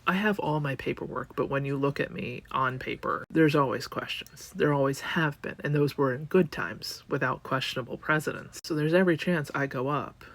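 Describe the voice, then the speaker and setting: A woman's voice: deep voice, moderate pace, few pauses. A woman from Canada rambling sarcastically through a casual vlog monologue, full of fillers. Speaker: vlogger.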